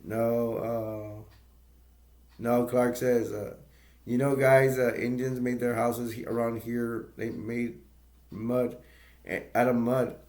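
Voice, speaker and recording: A man's voice: medium pitch, little pitch movement, slow, a little mellow. A man casually retelling a movie's plot as a reviewer, rambling with many fillers, restarts and brief laughs.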